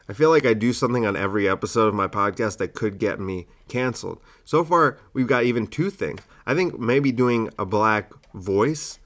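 A man's voice: on the low side, animated, moderate pace, a bit bright. A man hosting a solo comedy podcast, musing aloud in a self-deprecating way.

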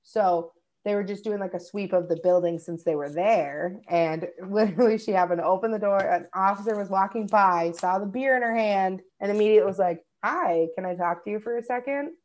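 A woman's voice: mid-range voice, fairly quick, a little mellow. A young woman from Minnesota, co-hosting a podcast, telling a story in casual chat and swearing freely. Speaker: podcast co-host.

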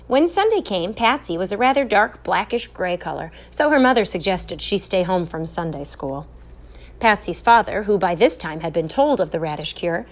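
A woman reading a children's story aloud in a lively, expressive way. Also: on the low side. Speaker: reader.

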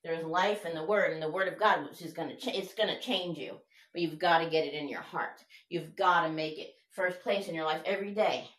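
A woman's voice: lowish voice, brisk, fairly bright tone. Earnest woman preaching, echoey room. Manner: earnest, conversational, fumbles while looking up verses. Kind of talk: informal sermon.

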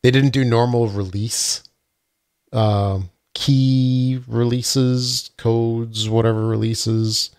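Slow, low-voiced man, dry sound. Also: little pitch movement, darkish tone, no room sound. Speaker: podcast co-host. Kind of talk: casual gaming chat.

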